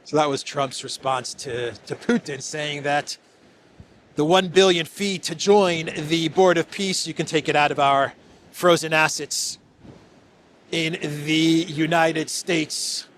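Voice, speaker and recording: Male political commentator, sarcastic, fairly high voice, faint background noise; solo casual commentary. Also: steady tone, slow, a bit bright. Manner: sarcastic, chuckling, with frequent restarts.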